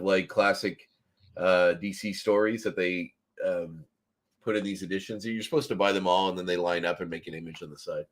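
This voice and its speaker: Canadian male podcast co-host from Nova Scotia, deep voice, loose rambling delivery full of fillers. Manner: rambling, many fillers and restarts. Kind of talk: casual chat.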